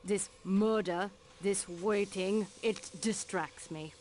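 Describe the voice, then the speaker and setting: A woman's voice: mid-range voice, slow pace, darkish tone, a little hiss or hum, lightly acted. A woman voicing a nervous, loyal German lady's maid in a game, flustered and stiff.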